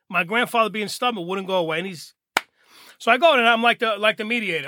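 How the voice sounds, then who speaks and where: High-voiced animated male storyteller. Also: brisk, dry recording, clean studio sound. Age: middle-aged. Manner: animated storyteller, acts out quoted voices, swears freely. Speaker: podcast guest. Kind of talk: storytelling in casual chat.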